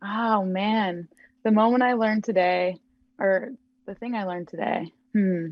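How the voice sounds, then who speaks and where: A young woman, a podcast guest, chatting casually and telling a lively story with frequent laughs. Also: mid-range voice, measured pace, no room sound, dull audio. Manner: animated storyteller, laughs often.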